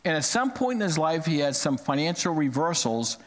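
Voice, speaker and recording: A man preaching a sermon, telling stories to his congregation with lively swings of voice. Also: on the high side, brisk, big-room sound. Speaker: pastor.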